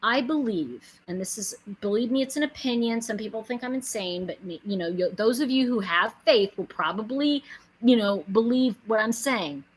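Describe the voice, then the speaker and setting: A middle-aged woman giving an animated inspirational talk to her viewers, telling stories, acting out quotes and building to emphatic pleas. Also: fairly high pitch, normal speed, slightly rough, rough recording. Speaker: spiritual speaker and host.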